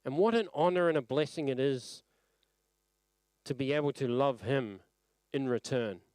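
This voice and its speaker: During a church service, a man preaches an earnest, reflective sermon, letting the ends of his phrases drop softly. His voice is mid-range, his pace moderate, and there's no echo.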